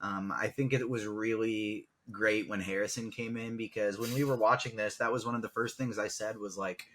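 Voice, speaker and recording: A man's voice: on the low side, fairly even intonation, normal speed, a bit bright. A man co-hosting a podcast in casual chat, weighing his opinions with hesitant fillers. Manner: thoughtful, hedging opinions with "um" and "like". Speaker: podcast co-host.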